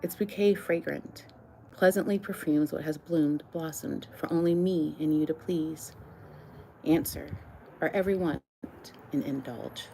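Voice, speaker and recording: A woman reading her own love poems aloud in a soft, earnest, slow and tender way. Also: deep voice, gravelly, slight background noise.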